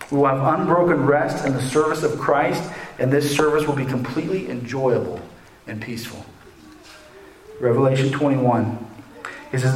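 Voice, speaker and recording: A man preaching a sermon, asking his listeners direct questions and lifting his voice when he reads scripture. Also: mid-range voice. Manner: preaching with rising emphasis on scripture quotes; asks the congregation direct questions. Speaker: pastor. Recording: roomy echo.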